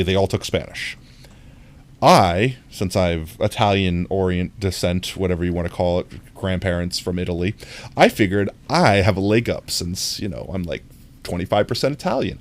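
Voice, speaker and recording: A man's voice: on the low side, very animated, moderate pace. A young man streaming live, rambling through casual chat and reacting to his viewers, with lots of fillers and easy laughter. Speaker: livestreamer.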